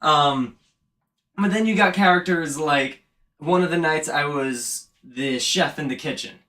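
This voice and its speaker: A man talks casually and in a rambling way, often drifting off his point and catching himself. His voice sits a bit high and sounds bright and forward. He is indoors, unboxing and setting up a prop. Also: measured pace. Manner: rambling, self-aware. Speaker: vlogger and haunt actor. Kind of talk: casual chat.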